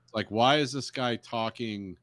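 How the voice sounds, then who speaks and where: A man co-hosting a casual movie podcast, dropping deadpan joking asides. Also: medium pitch, normal speed, dry recording. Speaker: podcast co-host. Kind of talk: casual movie discussion chat.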